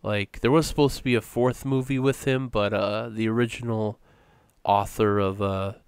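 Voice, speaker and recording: A man co-hosting a casual podcast, his voice low-set and smooth. He rambles along with fillers and restarts, and the sound is dry and close. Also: fairly even intonation, moderate pace, no echo. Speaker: podcast co-host. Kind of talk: casual chat.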